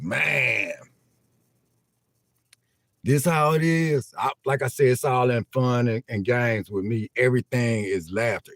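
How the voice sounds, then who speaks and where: An older man talks to his followers from a phone inside a van, animated and loose, laughing often and repeating himself as he goes. His voice sits at an ordinary middle pitch, and the recording is dry and close, with no room sound. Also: dry recording. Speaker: vlogger livestreaming. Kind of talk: casual chat to viewers.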